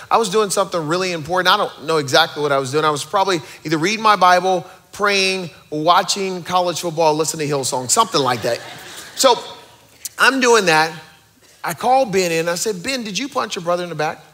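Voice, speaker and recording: Bright-voiced energetic male pastor. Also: high voice, brisk. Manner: energetic, rallying the crowd with joking asides. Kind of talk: sermon.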